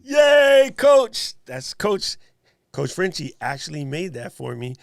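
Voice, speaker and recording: A man's voice: mid-range voice, a little slow, creaky, no echo, clean studio sound. A man with a New York accent hosting a livestream, chatting casually and joking with a guest and viewers. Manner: animated, joking, talks to viewers and chat. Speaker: livestream host.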